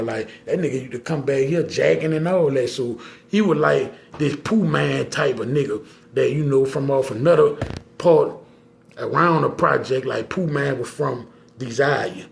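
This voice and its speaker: A man with a New Orleans accent, a podcast guest telling a story in a casual, slangy, animated way and acting out the dialogue. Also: medium pitch, moderate pace, gravelly, a little hiss or hum.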